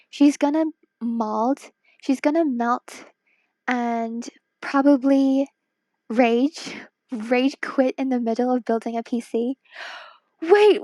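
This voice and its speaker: A woman streamer chatting casually with viewers while drawing, giggly and excitable, talking into wireless earbuds. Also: high voice, no echo.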